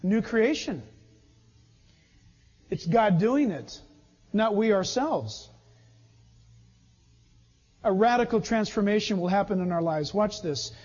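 High-voiced emphatic preacher in a reverberant hall. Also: male voice, expressive, takes it slowly, pauses often, darkish tone. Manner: emphatic preacher, acts out little scenes. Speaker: pastor. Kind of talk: sermon. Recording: dull sound in a reverberant hall.

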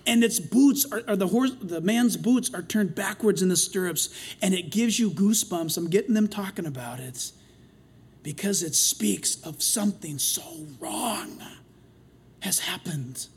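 An older man preaching a sermon in an animated way, acting out the voices in the stories he retells. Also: high-pitched, measured pace, slightly rough. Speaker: pastor.

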